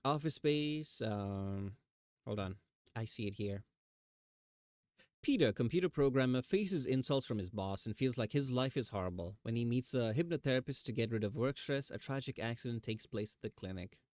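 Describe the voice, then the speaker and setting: A man streaming from home, chatting casually and telling animated stories, sometimes mimicking other people's voices. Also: medium pitch, moderate pace, no echo, studio quality. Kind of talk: casual chat.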